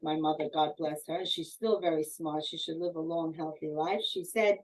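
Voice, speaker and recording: A woman's voice: mid-range voice, rough recording. A middle-aged woman from Iran, an author telling a personal story at a book talk and acting out the people she quotes. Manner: animated retelling, voicing quoted people.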